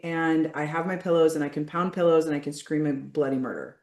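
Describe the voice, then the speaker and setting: A woman coach leading a group session over a video call, blunt and energetic, swearing casually. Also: low-pitched, brisk, few pauses, roomy sound.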